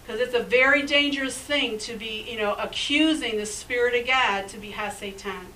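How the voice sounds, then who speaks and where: Woman preaching, bright voice, bit far from the mic w faint hiss, chatty and emphatic. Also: a little high, moderate pace. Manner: emphatic, conversational preaching with asides and laughs. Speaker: pastor. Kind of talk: sermon.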